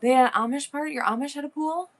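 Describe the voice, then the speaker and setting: A woman's voice: high voice, rapid-fire. A woman chatting casually on her seller livestream, rambling, laughing often and answering viewers' comments.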